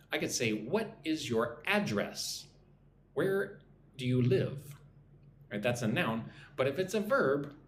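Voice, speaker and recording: A man teaching an English lesson on a live stream, talking slowly and checking in with "right?" after his points. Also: medium pitch, a little hiss or hum. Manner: slow, repeats points with frequent "right?". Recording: echoey room, faint ambience.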